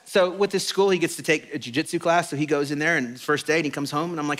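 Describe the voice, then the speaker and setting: A middle-aged man preaching a sermon as a pastor, telling stories in an animated, self-deprecating way. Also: a little high, quick pace, hardly any pauses. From Mexican heritage. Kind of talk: storytelling sermon. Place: church auditorium.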